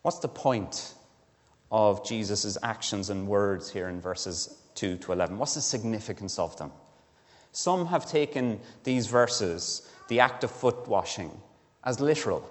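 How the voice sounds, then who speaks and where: A man's voice: lowish voice, animated, unhurried, in a large hall. A man preaching a sermon in a conversational way, asking his listeners direct questions, in a church.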